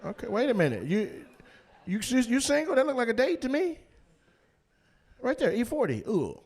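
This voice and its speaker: A man doing stand-up crowd work in a live comedy venue, teasing the audience in a brash, profane way with loud bursts. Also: very high-pitched, wildly swooping pitch, moderate pace.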